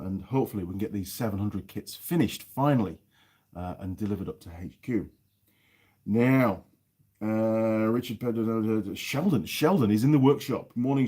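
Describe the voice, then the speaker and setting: A man with a softened Yorkshire accent, hosting a casual live stream from a cold workshop, chatting and reading out viewer comments. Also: fairly low pitch, breathy edge. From North Yorkshire, England. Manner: chatty, rambling, reads viewer comments aloud.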